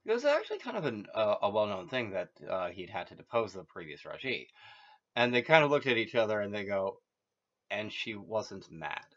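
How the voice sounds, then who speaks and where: A man's voice: lowish voice, huge pitch swings, fairly quick, fairly bright tone. A man casually retelling a story, rambling with many fillers and restarts and chuckling at his own jokes. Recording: muffled lo-fi audio.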